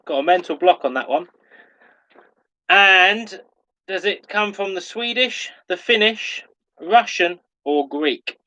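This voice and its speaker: Slow, bright-voiced male quiz host. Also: high-pitched, expressive, dull audio. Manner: slow, deliberate, repeats each question; self-mocking when tongue-tied. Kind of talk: reading out pub quiz questions.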